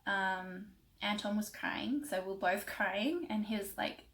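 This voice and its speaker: A woman's voice: mid-range voice, unhurried, a bit bright, poor audio. Emotional young woman telling a story. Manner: emotional, rambling with many fillers. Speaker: vlogger. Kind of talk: casual storytelling.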